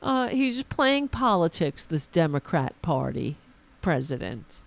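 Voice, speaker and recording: A woman hosting a political commentary podcast, ranting sarcastically and mocking opponents in high put-on voices. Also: big pitch swings, a little slow, creaky, hardly any pauses.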